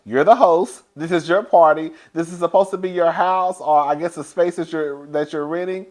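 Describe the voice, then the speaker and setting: Dishy guy recapping a show, kinda high voice, keeps saying girl and cracking up. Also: fairly even intonation, normal speed, a little mellow. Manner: chatty and dishy, often breaks into laughter; addresses listeners as "girl". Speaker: show reviewer and host. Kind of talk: casual gossipy recap chat.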